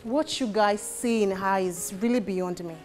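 An actress with a Nigerian accent in a film drama, scolding with exasperation. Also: female voice, mid-range voice, a little slow, faint music behind, lightly acted.

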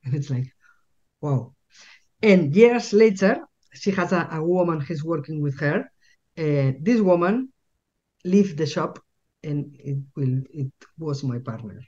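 A woman's voice: deep voice, moderate pace, mellow, dull audio. A Spanish-accented woman whose first language is Spanish, telling a story as a guest in an interview and often repeating words as she searches for the English. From Spain.

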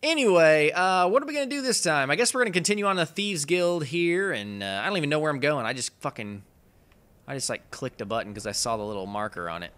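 A young man with a hoarse voice from a cold, rambling and swearing casually through his video game commentary. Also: fairly high pitch, lively intonation, quick pace, a bit bright. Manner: rambling, profane, laughs at himself. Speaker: let's play host.

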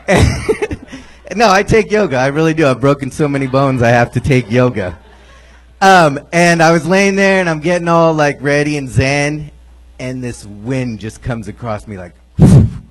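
A man doing stand-up for the first time on a comedy club stage, laughing and swearing as he acts out his own lines. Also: medium pitch. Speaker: guest comic. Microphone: stage mic, multi-mic podcast audio.

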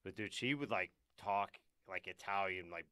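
A man's voice: deep voice, normal speed, pushed and bright, clear, resonant tone, no echo, studio quality. A young man in casual podcast banter, laid-back, mumbling and trailing off.

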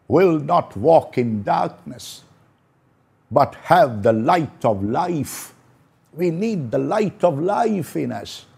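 Male pastor, sermon, slow delivery, gravelly, husky, dark tone. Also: fairly high pitch. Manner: slow, prayerful preaching with repeated phrases.

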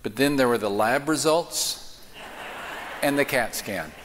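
Man doing a deadpan veterinarian. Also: mid-range voice, measured pace, a little hiss or hum, close to an everyday voice. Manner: blunt, deadpan. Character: flat matter-of-fact male veterinarian. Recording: long church-hall reverb.

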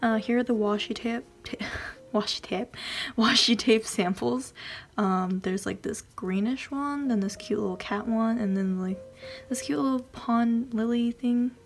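A woman vlogger chatting casually as she unboxes a package, gushing and giggling, often dropping into soft whispers. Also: fairly high pitch, unhurried, faint music behind.

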